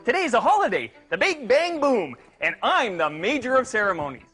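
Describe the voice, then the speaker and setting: An actor voicing an excitable jolly male clown in a cartoon. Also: extremely high pitch, normal speed, breathy edge, faint music behind, full character voice. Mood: proud. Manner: excitable and exclaiming.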